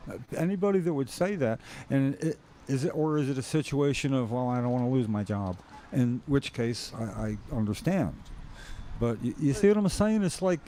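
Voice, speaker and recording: A man hosting a casual chat who asks halting questions and often rephrases them as he goes. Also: medium pitch, animated, warm tone, slight background noise.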